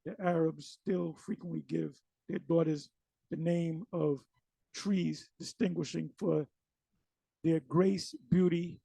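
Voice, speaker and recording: A man's voice: a little high, steady tone, takes it slowly, vocal fry, dark tone, slightly rough, dry recording. A man teaching scripture in a casual, conversational way, challenging his listeners directly. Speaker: Bible teacher.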